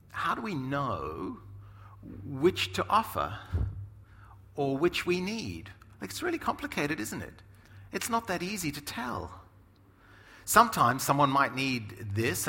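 Animated preacher in a big hall. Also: male voice, mid-range voice, gravelly. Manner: animated, conversational, many asides and tag questions. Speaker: pastor. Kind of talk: sermon.

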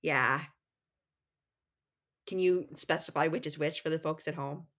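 New York woman podcast co-host, lowish voice, lively and explanatory, muffled recording. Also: measured pace. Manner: animated, explanatory, laughs at own slips. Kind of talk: casual literary discussion.

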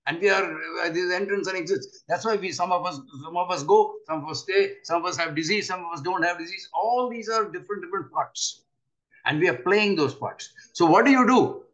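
An older man teaches with earnest conviction, his voice sitting a little high for a man. He keeps turning to his listeners with rhetorical questions. The recording is dull and lo-fi. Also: brisk, a bit bright. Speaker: spiritual teacher. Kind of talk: spiritual talk.

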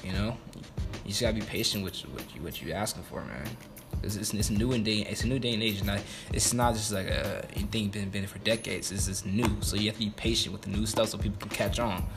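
A man's voice: lowish voice, quick pace, over music. A man in a heated casual debate, swearing freely and talking over the other speaker. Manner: animated, profane, talks over others. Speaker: conversation partner.

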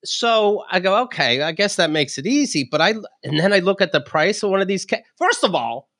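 Animated man telling a comic story. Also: high-pitched, fairly quick, dry recording, clean studio sound. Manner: animated, laughs often, acts out dialogue. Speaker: podcast co-host. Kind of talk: comedic storytelling.

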